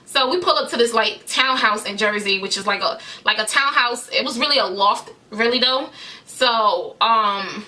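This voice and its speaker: A woman telling a casual, animated, slangy story to her camera. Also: a little high, moderate pace. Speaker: vlogger.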